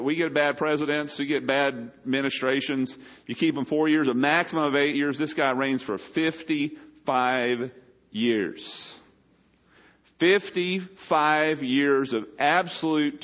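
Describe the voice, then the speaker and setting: A man's voice: medium pitch, muffled recording. A man preaching a sermon as a pastor, talking in a conversational way with joking asides to the congregation.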